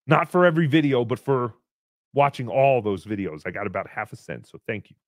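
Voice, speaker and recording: A man hosting a casual livestream, reading paid chat messages aloud in a mocking tone, swinging between shouts and mutters. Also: mid-range voice, fairly quick, dry recording, clean studio sound.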